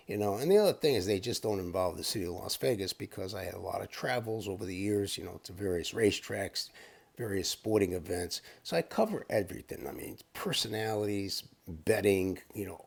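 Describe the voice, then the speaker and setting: A man's voice: fairly low pitch, gravelly, a little mellow, husky. An older man hosting his own channel, talking in a loose, rambling way with lots of asides. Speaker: channel host. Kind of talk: casual storytelling to camera.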